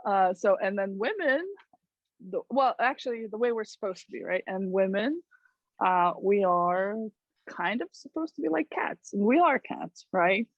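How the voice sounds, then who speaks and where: A woman hosting a talk show, chatting casually and telling stories with lively acted-out voices. Her pitch sits in the middle range for a woman. The sound is dry and dead, with a slightly muffled top end. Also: unhurried, dry recording. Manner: animated storyteller who acts out voices. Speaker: host.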